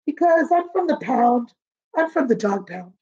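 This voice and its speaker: A woman voicing a sad young male dog from the pound, in a downcast, quiet way. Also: a little high, very animated, normal speed, highs cut off.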